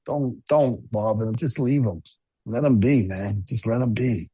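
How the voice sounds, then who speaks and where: A man's voice: medium pitch, a little slow, dark tone, slightly rough, dry recording. Middle-aged man, retired wrestler, casual podcast talk, blunt, repeats himself, dry close sound. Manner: blunt, repeats words as he talks.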